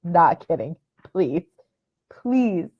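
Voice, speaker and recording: A woman's voice: on the low side, big pitch swings, very slow, slightly rough. A young woman hosting a casual live video chat, chatty and self-mocking, venting with exasperation and swearing freely. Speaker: host. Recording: slightly dull, lo-fi livestream audio.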